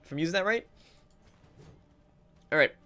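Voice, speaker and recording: A man's voice: fairly high pitch, expressive, moderate pace, bright, forceful tone. A man streaming a video game live, commenting casually and talking sarcastically to the characters on screen.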